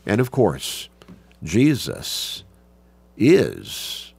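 A man teaching a Bible class, reading scripture aloud and explaining it slowly, stretching key words for emphasis. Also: on the low side, wildly swooping pitch, gravelly, darkish tone, breathy edge, dry recording.

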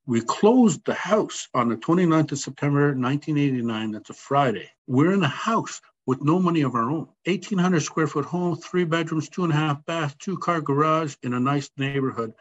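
A man telling a personal story as a podcast guest, animated and acting out the voices of the people in it. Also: fairly high pitch, moderate pace, few pauses. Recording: slightly dull sound, faint background noise.

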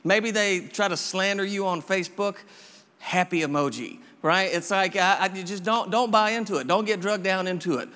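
Male pastor, slightly high voice, casual repetitive sermon style, long hall reverb. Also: normal speed, sharp tone. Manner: casual, repetitive, encouraging preaching with many restarts.

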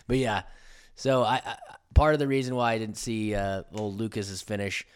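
A man's voice: fairly low pitch, fairly even intonation, measured pace, a little mellow, smooth. A young adult man co-hosting a podcast, talking casually in a rambling, stop-start way and laughing often. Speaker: podcast co-host.

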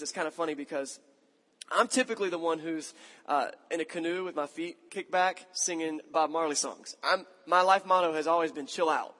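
Brief: pastor in his thirties, casual sermon storytelling, fairly high voice, long hall echo. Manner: conversational storytelling, self-mocking, animated.

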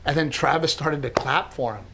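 A middle-aged man, a comedian and podcast host, telling a story in casual chat, animated and swearing freely. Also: fairly high pitch, moderate pace, creaky, background noise. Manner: animated, swears freely, laughs through acted quotes.

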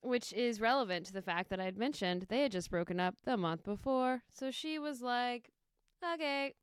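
Young woman rambling on a podcast, lots of likes, smooth clear voice, dry sound. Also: a little high, animated, normal speed, no echo. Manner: chatty, lots of "like" fillers, joking. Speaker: podcast co-host. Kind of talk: casual chat.

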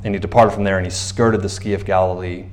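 A man preaching a sermon in a conversational, animated way, acting out the voices of the people in the stories he tells. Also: low voice, fast talker, a little hiss or hum.

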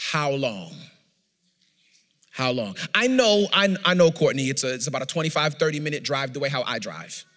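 A man's voice: fairly high pitch, fairly bright tone. A male pastor delivering a sermon in a church, emphatic and sing-song, drawing out his phrases. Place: church sanctuary. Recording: long reverb of a large hall.

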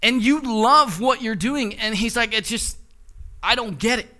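A man's voice: very high voice, unhurried, sharp tone. A young man in his twenties, a pastor preaching a sermon and telling a story with quoted dialogue. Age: 20s.

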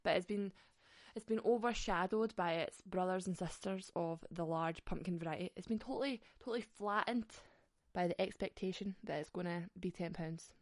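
A woman's voice: lowish voice, moderate pace, no echo, clean studio sound. A woman, hosting a podcast and ranting in a casual, comic monologue, often giggling and swearing. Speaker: podcast host.

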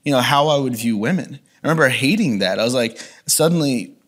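Man, interview guest, earnest and reflective, restarts often, mid-pitched voice. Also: animated, fairly quick, fairly bright tone. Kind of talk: personal testimony in conversation.

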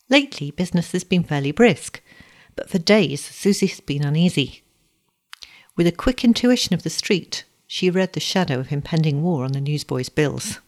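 Woman, storybook narrator, fairly low pitch, expressive steady reading.

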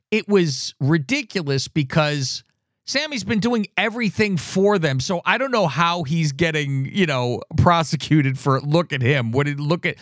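A man co-hosting a casual wrestling podcast, talking in an animated, rambling way with plenty of swearing and restarts. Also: fairly high pitch, dry recording, clean studio sound. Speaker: podcast co-host.

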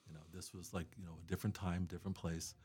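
A man's voice: deep voice, flat delivery, fast talker, a little mellow, slightly rough. A man talking casually as a guest about charity work, rambling with many fillers and restarts. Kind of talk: casual conversation.

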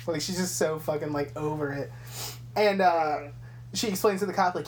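In a laid-back film recap, this young podcast co-host walks through a movie one scene at a time, cursing without restraint and voicing the characters. She has a deep voice and talks at a normal speed.

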